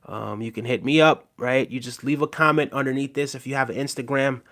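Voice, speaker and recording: A man's voice: mid-range voice, fairly even intonation, brisk, fairly bright tone. Guy on a livestream chatting with viewers, earnest and reassuring, lots of ums and you knows. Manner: earnest, reassuring, filler-heavy. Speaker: livestream host. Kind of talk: casual livestream chat reading comments.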